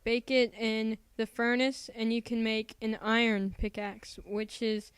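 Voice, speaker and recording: Woman, smooth and flat, casual explanatory commentary, dry recording. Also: fairly high pitch, measured pace, no room sound.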